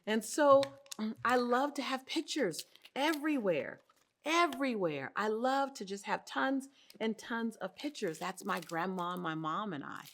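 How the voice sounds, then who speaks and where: A woman hosting a motivational talk to camera on an indoor set, speaking in an expressive, animated way and laughing often. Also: on the high side, measured pace.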